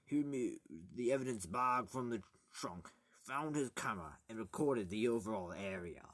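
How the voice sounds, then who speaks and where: A man's voice: medium pitch, animated, fairly bright tone, no room sound. A man reading an audiobook aloud in a casual, rambling way, stumbling, correcting himself and breaking off for crude jokes. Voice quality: jokey, crude asides and halting self-corrections. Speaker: amateur audiobook reader.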